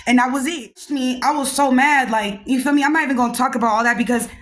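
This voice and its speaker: A young woman hosting a podcast, telling a story in a casual, animated and slangy way and talking straight to her listeners. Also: sits high, fast. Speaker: podcast host.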